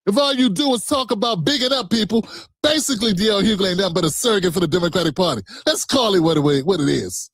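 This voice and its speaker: A man's voice: sits high, lively intonation, fast, a bit bright, no room sound, studio quality. A man streaming a reaction, talking back to a clip in a combative, profane, mocking way. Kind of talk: heated reaction commentary.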